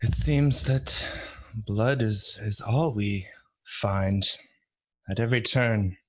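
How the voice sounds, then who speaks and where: Brief: man doing a weary healer-hero adventurer, low, slow, halting, solemn. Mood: troubled.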